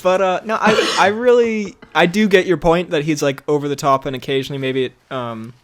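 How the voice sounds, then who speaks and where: A fairly high-voiced man chatting on a podcast, excitable and quick to laugh. He stumbles and restarts often. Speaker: podcast co-host. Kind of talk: casual chat.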